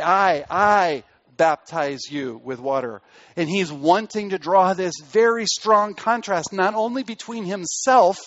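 A man preaching a sermon as pastor, pressing hard on key words and then dropping his voice low and quiet. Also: muffled recording.

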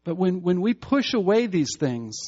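A man preaching a sermon in an earnest way, stumbling over restarts and rising to loud fervor as he builds his points. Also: high-pitched, very animated, moderate pace, breathy edge, highs cut off.

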